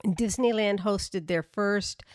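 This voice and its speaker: A woman's voice: mid-range voice, slow, no echo, studio quality. A woman with a slight Boston accent, co-hosting a podcast and chatting through her research with plenty of fillers and restarts. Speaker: podcast co-host presenting research. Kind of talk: casual podcast chat.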